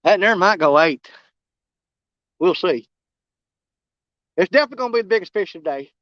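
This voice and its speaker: A man, chatting casually and excitably in a fishing vlog, folksy and joking. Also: high voice, a little fast, no echo, lo-fi sound. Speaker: fishing vlogger. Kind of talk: casual outdoor vlog chat.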